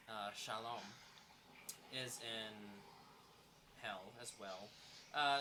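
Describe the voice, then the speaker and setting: Bright-voiced man narrating as game master. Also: medium pitch, a little hiss or hum. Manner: relaxed, pauses with ums while narrating. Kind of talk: casual chat and game narration.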